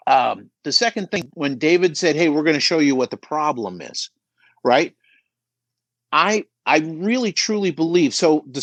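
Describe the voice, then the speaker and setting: A man's voice: a little high, no echo. A middle-aged man giving emphatic coaching advice on a podcast, often checking in with "right?". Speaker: business coach guest.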